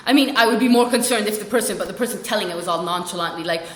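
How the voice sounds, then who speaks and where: A young woman rambling through a funny work story, self-mocking and jumping into squeaky voices for quotes. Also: quick pace, hardly any pauses, a bit bright. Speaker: vlogger. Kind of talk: casual storytelling vlog. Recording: echoey room with long reverb.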